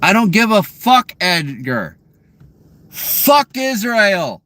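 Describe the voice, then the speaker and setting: Sitting in his car, a man rants angrily and profanely while taking live chat questions, lurching between loud outbursts and low muttering. He is very animated but speaks slowly, and the recording is dry.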